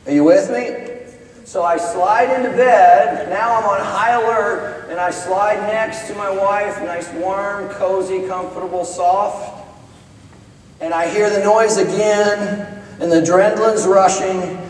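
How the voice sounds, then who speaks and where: A middle-aged man from Iowa, a business professor speaking in chapel, telling a story with urgent bursts and hushed stretches. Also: sits high, fairly even intonation, slow. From Iowa, United States. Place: large chapel hall. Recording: echoey hall, voice from far off.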